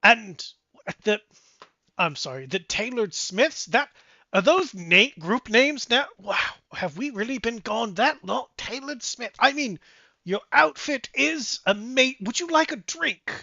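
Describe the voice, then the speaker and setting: A game master voicing a gruff male dwarf who mocks the party's names and flirts while rambling. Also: mid-range voice, animated, a little slow, sharp tone, no room sound, lo-fi sound, voice pushed up, full character voice. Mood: sarcastic flirty. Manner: mocking, rambling. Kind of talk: tabletop game voice acting.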